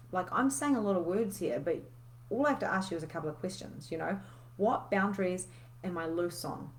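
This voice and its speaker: A woman, coaching in a casual, candid live session where she swears freely and reads out viewer comments. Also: lowish voice.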